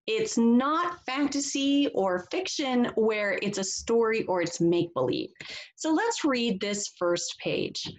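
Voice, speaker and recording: A woman teacher giving a children's read-aloud lesson, reading slowly and expressively for young listeners to echo back. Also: fairly high pitch. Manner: slow, expressive echo reading with exaggerated rises.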